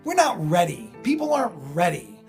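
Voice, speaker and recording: A man hosting his own channel, talking in a rambling, excitable way full of digressions and self-interruptions. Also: high-pitched, brisk, vocal fry, faint music behind. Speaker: channel host. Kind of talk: rambling spiritual commentary.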